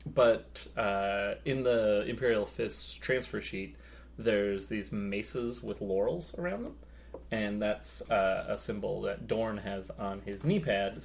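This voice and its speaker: A man's voice: on the low side, slow pace, gravelly, slight background noise. A man co-hosting a podcast, chatting casually and rambling with many fillers about his hobby. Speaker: podcast co-host.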